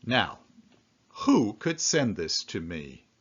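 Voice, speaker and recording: A shy, lonely middle-aged man, voiced by a male storyteller speaks in a mild, polite way. He talks slowly and sounds quietly pleased. The recording is dull and lo-fi. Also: lowish voice, sing-song, husky, exaggerated voice.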